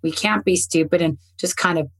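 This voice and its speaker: A woman's voice: lowish voice, a little fast, slightly rough, rough recording. A woman hosting an interview who asks questions and talks in an earnest, chatty way. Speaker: host. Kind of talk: conversational interview.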